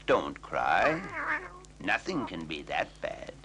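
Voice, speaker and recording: A kindly old donkey talks in a friendly, bouncy voice that swings up and down. He's cheerful and encouraging, a bright storybook character. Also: low-pitched, sing-song, slow pace, slight background noise, voice pushed down, exaggerated voice.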